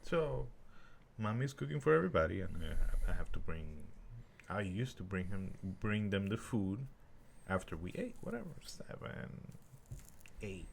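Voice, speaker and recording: A young man co-hosting a podcast in casual chat, reacting quickly with short interjections before telling his own story. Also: fairly low pitch, very animated, creaky, slight background noise. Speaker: podcast co-host.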